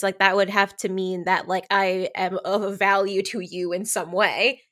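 A woman's voice: mid-range voice, fairly even intonation, moderate pace, a bit bright. A woman co-hosting a podcast, casually retelling a romance novel's plot in a loose, filler-heavy way, full of quoted back-and-forth. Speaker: podcast co-host.

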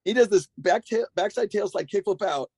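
Fast-talking, gravelly man telling stories. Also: high-pitched, soft background music. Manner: rambling, profane, animated. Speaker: guest. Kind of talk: casual storytelling.

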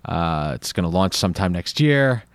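A man's voice: deep voice, very animated, moderate pace, smooth, no room sound. A man hosting a casual chat, laid-back and laughing often. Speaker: podcast host.

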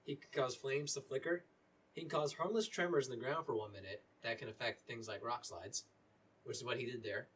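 Man as dungeon master, mid-pitched, halting and relaxed, slightly distant from the mic. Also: slight background noise. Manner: relaxed, halting, many fillers. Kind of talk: narrating a tabletop game.

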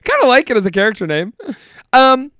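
High-voiced, teasing man on a podcast. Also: big pitch swings, brisk, sharp tone, no room sound, studio quality. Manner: teasing, playful, swearing. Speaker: podcast co-host. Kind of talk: casual chat.

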